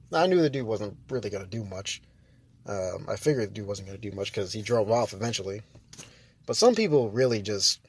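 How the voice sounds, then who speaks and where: A man's voice: medium pitch, lively intonation, brisk, husky, no echo. A man ranting in a casual monologue, exasperated and rambling, with many fillers and restarts. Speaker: vlogger.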